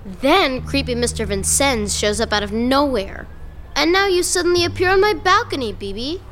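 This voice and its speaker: In this audio drama scene, a woman voice actor gives life to a curious, courageous girl detective of eleven who speaks eagerly to her cat. The narration sits high, sounds bright, expressive and eager, moves at normal speed, and has ambient noise in the background.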